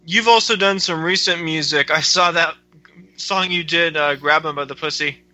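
A man interviewing a guest, asking halting questions full of "like" fillers. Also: a little high, bright, forceful tone. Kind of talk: casual conversational interview. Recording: dull, lo-fi audio.

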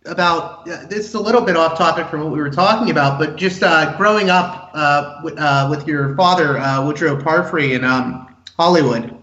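A man's voice: a little high, normal speed, few pauses, pushed and bright. Hesitant interviewer man in a roomy space. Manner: hesitant, full of "uh" fillers. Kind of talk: casual interview questions. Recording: roomy, somewhat dull recording.

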